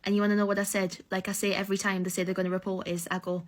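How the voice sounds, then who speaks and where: A woman's voice: medium pitch, level tone, very fast. A young woman tells a casual storytime rant, sarcastic and exasperated, acting out both sides of the exchange.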